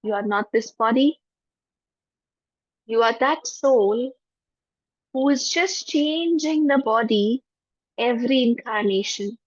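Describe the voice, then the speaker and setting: A spiritual teacher with an Indian English accent leads a guided forgiveness meditation. Her voice sits a little high, soft and soothing, and she repeats phrases slowly. The audio is dull and dry, close and lo-fi. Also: no room sound.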